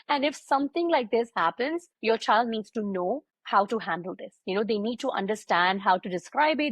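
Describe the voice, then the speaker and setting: Quick, animated woman podcast co-host. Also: fairly high pitch, dry recording. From India. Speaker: podcast co-host, pediatric sleep consultant. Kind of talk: casual podcast chat.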